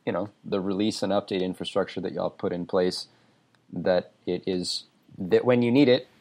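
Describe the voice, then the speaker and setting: A man's voice: deep voice, steady tone, moderate pace, darkish tone. Laid-back Texan man hosting. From Texas. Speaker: podcast host. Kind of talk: casual podcast chat.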